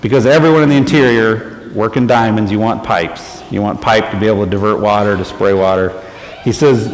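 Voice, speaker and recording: A man's voice: lowish voice, a little fast. Man telling a testimony in an echoey church. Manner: acts out quoted people with lively raised voice, laughs often. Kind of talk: animated storytelling testimony. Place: church sanctuary. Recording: echoey church hall, faint noise.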